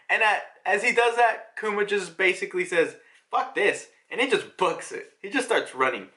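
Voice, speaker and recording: Bright, high-voiced young male reviewer. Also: expressive, moderate pace. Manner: loose, profane, rambling, with laughs. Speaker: manga reviewer. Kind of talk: casual solo review vlog.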